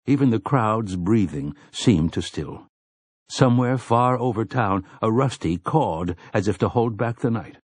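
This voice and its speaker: Low-voiced male audiobook narrator. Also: husky, no room sound. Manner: measured, even storytelling. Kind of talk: scripted narration.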